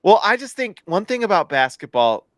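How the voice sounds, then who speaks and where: A man in his thirties hosting a casual live stream, reacting to a basketball game with jokes and excited shouts. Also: high-pitched, normal speed. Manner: excitable, jokey, shouts at big plays. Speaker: host.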